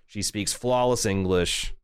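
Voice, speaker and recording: A man's voice: lowish voice, measured pace, smooth, no room sound, clean studio sound. A man co-hosting a podcast, recapping an episode in a casual, profane, jokey way. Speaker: podcast co-host.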